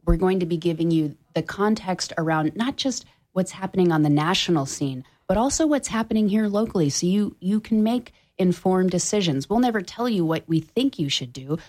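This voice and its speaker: A woman's voice: fairly low pitch, expressive, a little fast, hardly any pauses, darkish tone. A woman hosting public radio, making an upbeat, persuasive appeal during a membership drive from a studio microphone.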